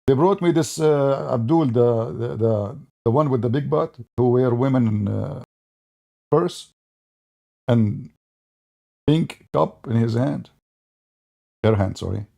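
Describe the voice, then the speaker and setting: Man, gravelly, sarcastic debate-show host with a mellow, dark tone. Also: takes it slowly, pauses often, no room sound, studio quality. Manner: mocking, sarcastic, imitates opponents in high voices. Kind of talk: polemical monologue.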